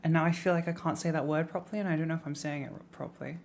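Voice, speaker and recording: A young British woman from the UK chatting casually on a live stream, rambling and letting her phrases trail off quietly. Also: low voice, steady tone, rapid-fire, creaky, a little hiss or hum.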